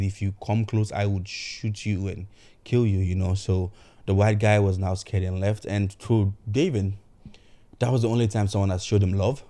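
Low-voiced man retelling a story casually. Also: no echo. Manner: animated retelling, acts out quoted voices, frequent "you know".

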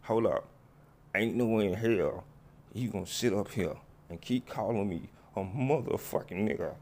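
A man's voice: lowish voice, moderate pace, a little mellow, voice pushed down, lightly acted. A man voicing a hot-tempered, menacing tough guy who swears and threatens in a comedy skit. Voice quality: gravelly, profane. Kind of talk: comedy skit with character voices.

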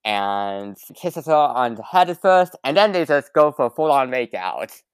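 Woman, very deep voice, podcast host, chatty plot recap, dry close sound. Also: big pitch swings, unhurried, smooth, no echo. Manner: chatty, recaps plot with frequent fillers and laughs. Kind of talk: casual movie recap chat.

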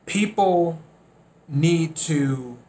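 A man from South Carolina hosting a reflective solo podcast, unhurried, repeating his phrases and acting out bits of dialogue. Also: on the high side, mellow. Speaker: podcast host.

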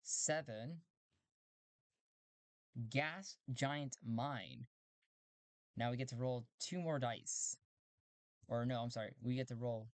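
A man runs a solo tabletop game, narrating and calling out dice rolls in a loose, rambling way. He corrects himself often and chuckles along the way. His voice is mid-pitched and dry, recorded close with no room echo. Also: takes it slowly, pauses often. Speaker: solo game master and player.

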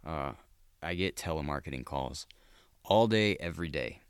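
Podcast host, man, extremely low smooth voice, profane and rambling. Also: animated, moderate pace, no room sound, studio quality. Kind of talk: casual solo podcast monologue.

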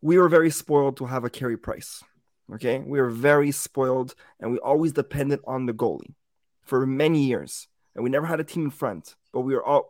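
A man co-hosting a sports podcast in casual chat. He is animated, swears now and then, and rephrases himself mid-thought. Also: medium pitch, no echo, clean studio sound. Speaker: podcast co-host.

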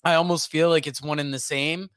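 A man's voice: fairly high pitch, fairly even intonation, a little fast, a bit bright, no echo, clean studio sound. A man co-hosting a podcast in casual chat, easygoing and brief, reading out listeners' movie lists. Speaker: podcast co-host.

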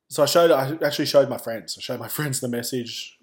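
A man's voice: mid-range voice, a little fast. A man with an Australian accent, a podcast host telling a personal story in a candid, wry way with wandering asides.

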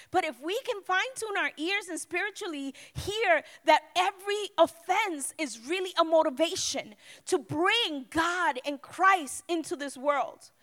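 A middle-aged woman pastor preaching a sermon, swinging from loud cries to hushed, quiet appeals. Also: very high voice.

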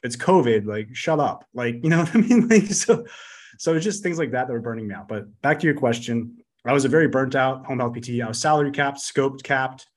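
Fast-talking, blunt man rambling casually. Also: mid-range voice. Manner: rapid, rambling, full of "like" and "you know"; blunt, swears freely. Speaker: podcast guest, business coach. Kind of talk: casual interview chat.

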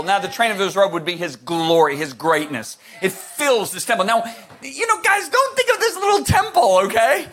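A man preaching a sermon, animated and joking, shouting some words for emphasis and rambling with restarts. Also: high-pitched, normal speed, breathy edge. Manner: rambling with restarts, jokey asides.

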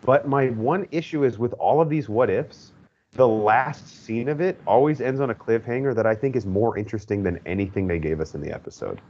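A man's voice: medium pitch, fairly quick, darkish tone, dull audio. A man hosting a podcast, chatting enthusiastically in a casual way with frequent fillers. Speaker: podcast host. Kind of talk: casual chat.

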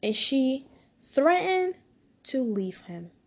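A woman's voice: high voice, very animated, slow, slightly rough. A woman casually telling a personal story, rambling and full of "like" as she quotes what people said.

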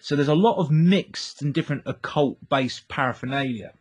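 A man's voice: fairly high pitch, moderate pace, a little mellow, breathy edge. A man, co-hosting a casual recap chat, rambling and laughing as he retells scenes. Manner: rambling, laughs often, acts out quotes. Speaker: podcast co-host recapping an episode.

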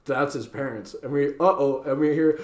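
A man's voice: mid-range voice, normal speed. A young man from western Canada, casually telling a rowdy story on a podcast, swearing freely and laughing as he goes. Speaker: podcast co-host. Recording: echoey room.

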